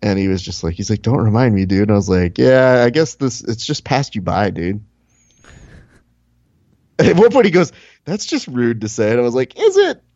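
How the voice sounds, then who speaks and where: Male podcast co-host, lively storyteller who mimics people; slightly dull lo-fi sound, dry close mic. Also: medium pitch, normal speed, pauses often, no echo. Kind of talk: casual podcast chat.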